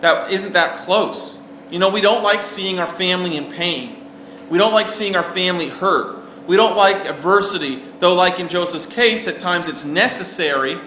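A man's voice: high voice, pushed and bright. A man preaching a sermon in an earnest way, asking the listeners questions as he goes. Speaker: pastor. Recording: roomy echo with faint background noise.

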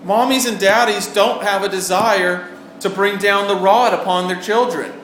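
A man's voice: high voice, steady tone, moderate pace, fairly bright tone. A man preaching a sermon in an earnest way, asking the listeners questions as he goes. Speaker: pastor. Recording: roomy echo with faint background noise.

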